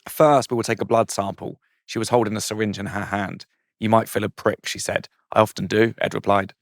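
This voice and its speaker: A man's voice: on the low side, steady tone, a little fast, creaky, dry recording, studio quality. A man, a comedian, reading out his saucy comic story with a playful manner, often laughing at his own jokes.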